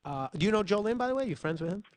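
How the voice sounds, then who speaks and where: Animated, higher-voiced host telling stories. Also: male voice, racing, no echo. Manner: animated storyteller, acts out other people's voices. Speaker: podcast host. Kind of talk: casual storytelling chat.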